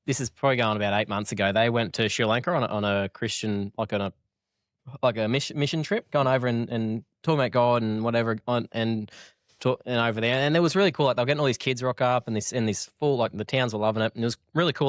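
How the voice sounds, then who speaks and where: Aussie bloke rattling on quick, swears a lot, laughs, loses his train of thought, dead dry sound. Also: medium pitch, dry recording. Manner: blunt, swears freely, laughs often, rambles and loses his thread. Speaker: podcast host. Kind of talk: casual chat.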